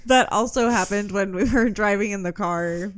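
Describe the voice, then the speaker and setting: A young woman co-hosting a podcast, chatting in a giggly, lively way. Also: medium pitch, moderate pace. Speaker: podcast co-host. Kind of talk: casual chat.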